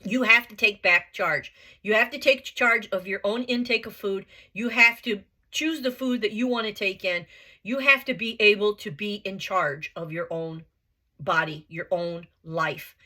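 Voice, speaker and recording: A woman's voice: mid-range voice, measured pace, sharp tone. A woman giving an earnest motivational vlog monologue, blunt and emphatic, repeating her points and swearing casually. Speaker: vlogger.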